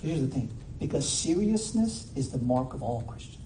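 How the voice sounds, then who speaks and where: A man's voice: medium pitch, big pitch swings, moderate pace, dark tone, a little hiss or hum. A male pastor preaching a sermon in a casual, filler-heavy way that swells into fervent cries. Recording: roomy echo, distant mic.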